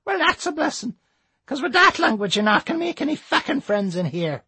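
A man voicing a cranky elderly woman with a walking frame, scolding in a shrill, indignant way. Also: big pitch swings, brisk, bright, forceful tone, dry recording, exaggerated voice. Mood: sarcastic.

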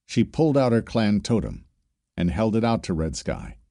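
A male audiobook narrator reads a story in scripted narration, measured and even in manner. His pitch is fairly low, and the recording is clean studio sound with no room sound.

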